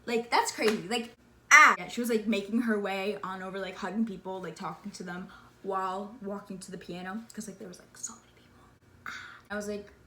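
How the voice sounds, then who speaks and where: A woman telling a story in a casual vlog, excitable and gushing, filling her talk with "like" and calling her listener "sister.". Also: mid-range voice, a little fast, a little hiss or hum. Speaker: vlogger.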